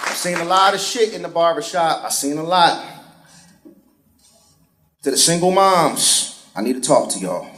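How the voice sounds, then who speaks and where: A man's voice: a little high, animated, a little slow, pauses often, fairly bright tone, some chatter behind. A man doing a stand-up set, a barber telling exasperated, profane stories to a live audience on stage. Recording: echoey room.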